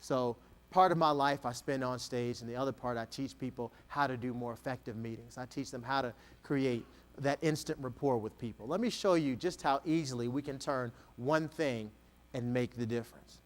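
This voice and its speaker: A man's voice: mid-range voice, moderate pace. A man giving an interactive keynote talk on stage before an audience, energetically coaching a volunteer. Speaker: keynote speaker.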